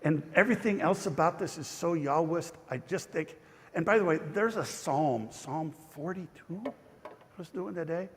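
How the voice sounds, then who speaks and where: A man's voice: fairly high pitch, normal speed. Man teaching scripture in a reverberant church. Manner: chatty and digressive, with frequent restarts. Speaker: pastor. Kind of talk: Bible study teaching.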